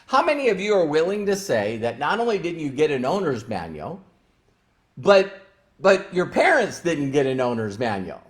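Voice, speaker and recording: A man's voice: on the high side, very animated, moderate pace. A man hosting a motivational live stream, speaking emphatically and repeating key phrases with emotion. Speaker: livestream host.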